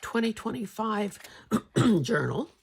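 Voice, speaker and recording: A woman vlogger chatting casually about her finds in a wry, meandering way, often clearing her throat. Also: mid-range voice, big pitch swings, slow pace. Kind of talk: casual show-and-tell chat.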